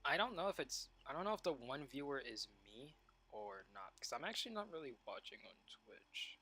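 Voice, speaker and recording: Bright-voiced rambling young streamer man. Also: mid-range voice, fairly quick, slight background noise. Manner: rambling and animated, heavy use of "like" and repeated restarts. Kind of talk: casual live-stream chat while gaming.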